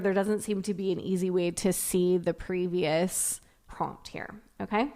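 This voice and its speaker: Chatty woman walking through software. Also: mid-range voice. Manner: chatty, upbeat, thinking aloud while clicking. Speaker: tech reviewer. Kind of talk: screen-recorded software tutorial.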